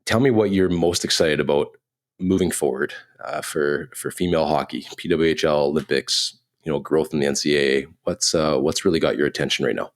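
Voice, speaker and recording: A man hosting a podcast, asking interview questions in a measured, conversational way. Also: extremely low pitch. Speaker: podcast host.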